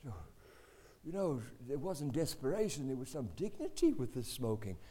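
An older man with a South African accent, telling a family story in a lively, animated way with asides. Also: mid-range voice, normal speed. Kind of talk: personal anecdote.

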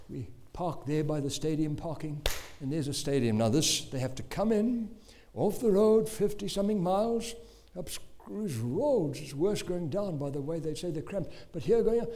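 Male preacher, high mellow voice, dramatic sermon storyteller. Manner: dramatic storytelling, swings from shouting to hushed whisper.

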